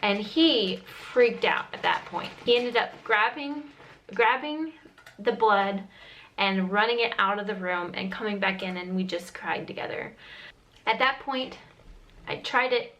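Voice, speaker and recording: Young woman vlogger, mid-pitched, chatty and earnest, heavy on "like". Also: lively intonation, measured pace, fairly bright tone, rough recording. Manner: earnest, emotional retelling with frequent "like" fillers. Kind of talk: chatty personal storytelling.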